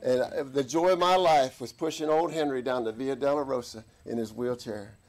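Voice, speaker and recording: A middle-aged man preaching a sermon as an army chaplain, telling stories and acting out voices in the quotes. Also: normal speed. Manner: animated, acts out quotes with big pitch jumps. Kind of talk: sermon with storytelling. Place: church.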